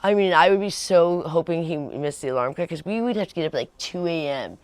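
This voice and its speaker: Her voice fairly low and a bit quick, a woman runs a home livestream with rambling, casual chatter. She laughs often and puts on voices for the people she quotes, and the recording has no echo.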